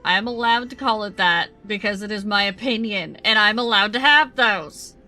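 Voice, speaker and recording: A woman's voice: medium pitch, normal speed, pushed and bright, soft background music. A young woman streamer chatting casually with her viewers during a game, giggly and chatty. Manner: chatty and giggly, talks to chat.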